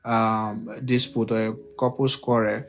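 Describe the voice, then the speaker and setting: A man's voice: lowish voice, level tone, measured pace, background noise. A man hosting a livestream, giving relationship advice in an unscripted monologue. He repeats his points, asks his own rhetorical questions and speaks straight to his listeners. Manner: preachy, repetitive, uses rhetorical questions; addresses listeners directly and emphatically.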